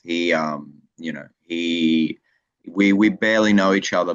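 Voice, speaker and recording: Deep-voiced young Australian man. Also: fairly bright tone, no echo, dull audio. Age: young adult. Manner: rambling storyteller with many restarts. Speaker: guest comedian. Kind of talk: casual interview chat.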